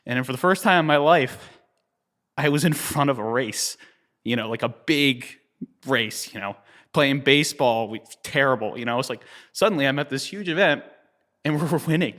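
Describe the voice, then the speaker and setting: A man in his thirties from New Jersey, telling a long story as an interview guest. He talks in a lively way, chuckles often and uses many fillers. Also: medium pitch, moderate pace. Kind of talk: conversational storytelling.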